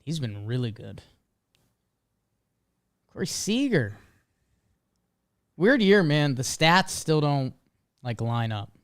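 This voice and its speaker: A man co-hosting a casual baseball chat show, relaxed and easygoing, dropping in sponsor plugs. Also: on the high side, takes it slowly, long pauses. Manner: laid-back, reads sponsor plugs casually. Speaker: podcast co-host.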